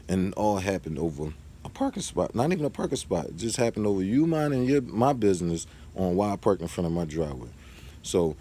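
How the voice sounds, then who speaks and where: A man's voice: low-pitched, dark tone. A man talks casually to camera in a vlog, rambling through a story and drifting into advice. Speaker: vlogger.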